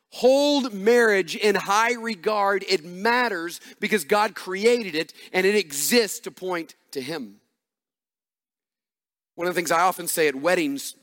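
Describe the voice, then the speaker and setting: A man's voice: high voice, a bit bright, long reverb tail. A man preaching a sermon as pastor, earnest and repeating phrases for emphasis.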